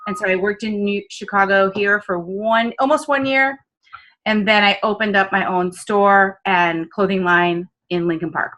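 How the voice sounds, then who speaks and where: A woman's voice: medium pitch, fairly even intonation, moderate pace, a bit bright, rough recording. A woman from the Midwest with a Midwestern accent, telling candid, self-mocking stories in an interview. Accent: Midwestern American. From American Midwest. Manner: chatty and self-mocking, full of fillers and quoted asides. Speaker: business consultant guest.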